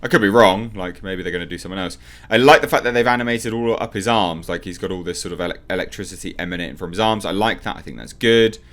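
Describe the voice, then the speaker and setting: A man's voice: low-pitched, quick pace, hardly any pauses, a bit bright. A man reviewing a movie trailer in casual reaction commentary, opinionated and rambling as he thinks aloud with frequent ums.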